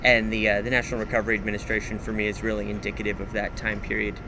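A man's voice: on the low side, little pitch movement, rapid-fire, noisy background. A young man, an auction house president, talking eagerly and in detail about his stamp collection at a busy stamp show. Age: young adult. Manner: enthusiastic, detailed, with frequent fillers. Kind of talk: casual interview at a stamp show.

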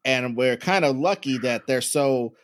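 A man's voice: medium pitch, a little slow, dry recording, clean studio sound. A man co-hosting a podcast, talking in loose, rambling, profane casual chat and laughing often. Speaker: podcast co-host.

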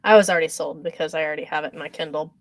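A woman's voice: sits low, steady tone, rapid-fire, no room sound. A woman hosting a podcast interview over a video call, chatty and enthusiastic, with frequent ums. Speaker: podcast host. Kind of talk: casual interview chat.

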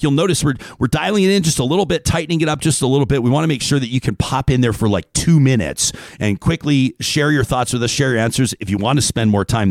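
A man, co-hosting a talk show in casual chat, animated and enthusiastic, with leaps in pitch. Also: no room sound, clean studio sound. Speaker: radio show co-host. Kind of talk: casual chat with read ads.

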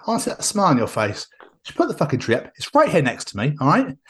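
A man's voice: on the high side, quick pace. A man hosting a podcast, telling crude jokes and stories in casual banter, swearing a lot and laughing often. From England. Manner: sweary, laughing, animated storytelling. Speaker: podcast host.

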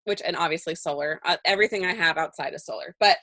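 A woman's voice: lowish voice, fast, bright, forceful tone, dry recording, studio quality. A woman co-hosting a podcast, chatting casually, rambling through stories and laughing often. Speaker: podcast co-host. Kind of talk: casual chat.

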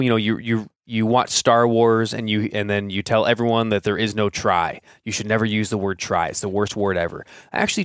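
A man's voice: fairly low pitch, dry recording, clean studio sound. A man in his thirties hosting a solo podcast, talking casually and thinking aloud with fillers and restarts. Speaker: podcast host.

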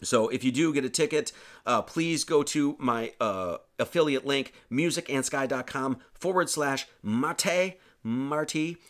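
A man's voice: mid-range voice, measured pace, fairly bright tone. A man, the pastor and host, rambling through casual closing announcements of an online sermon, joking around with lots of fillers and restarts.

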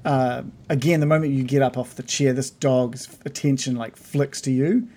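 A man narrating as game master of a tabletop game, halting with frequent ums and restarts. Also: medium pitch, steady tone, warm tone. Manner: hesitant, many ums and restarts.

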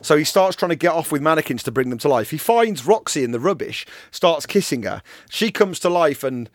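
A man chats casually about a film on a podcast, his voice bouncing lively up and down in pitch. He laughs easily and slips into quoted lines. The sound is dry and close. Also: no room sound. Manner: animated, quick to laugh, acts out quotes. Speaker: podcast co-host. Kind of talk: casual film review chat.

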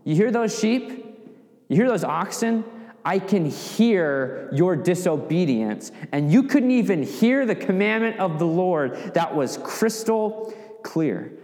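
A man's voice: high-pitched, big pitch swings, slow pace, a little mellow, big-room sound, pitched above the performer's own voice, exaggerated voice. A man doing a stern prophet's rebuke. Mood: reproachful. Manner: solemn, reproachful.

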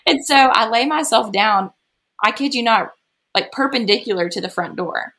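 Chatty woman with a gravelly edge. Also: a little high, expressive, normal speed, bright, forceful tone. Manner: chatty, laughs often between sentences. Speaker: podcast guest. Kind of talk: casual storytelling.

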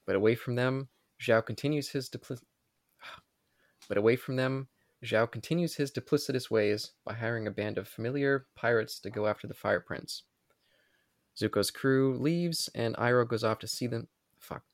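A man's voice: medium pitch, steady tone, normal speed, dry recording. A man hosting a podcast, tipsy from wine, reads an episode recap. He stumbles, restarts and swears at his own slips. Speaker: podcast host.

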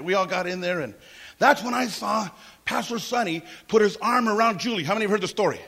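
High-voiced emphatic male preacher. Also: a little fast, creaky, husky. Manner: emphatic, animated preaching with humor. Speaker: pastor. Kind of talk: sermon.

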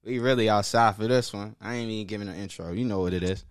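A man's voice: lowish voice, fast, crowd noise. A young man with a Baltimore accent, co-hosting a casual chat, laughing often and cursing freely. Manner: laughing, loose and profane. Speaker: podcast co-host.

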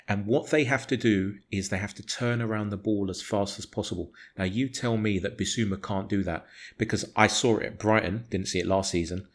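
A man's voice: fairly low pitch, fairly quick. A man co-hosting a football podcast, talking with passion, arguing his point hard and swearing freely. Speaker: podcast co-host. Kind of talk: casual football podcast chat.

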